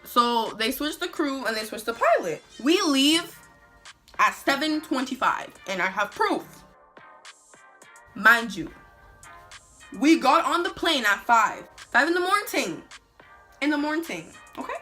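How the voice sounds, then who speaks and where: Vlogger woman, bright voice, lively storytelling, swears freely, faint music underneath. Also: high-pitched, unhurried, pauses often. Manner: animated, profane, slangy storytelling. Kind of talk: storytime vlog.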